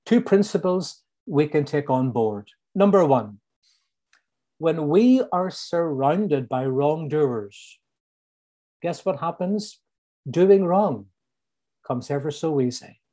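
A middle-aged man from Northern Ireland with a Northern Irish accent, preaching a sermon and slowly repeating his key lines for emphasis. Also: fairly high pitch, animated, warm tone.

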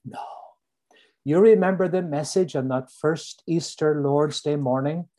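Mellow Northern Irish preacher. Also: male voice, fairly high pitch. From Northern Ireland. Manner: emphatic, repeats key lines slowly for weight. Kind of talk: sermon.

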